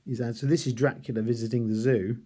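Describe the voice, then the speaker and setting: A man's voice: medium pitch, fairly even intonation, quick pace, warm tone. A man teaching literature, talking through a novel chapter by chapter, thinking aloud with hesitant restarts.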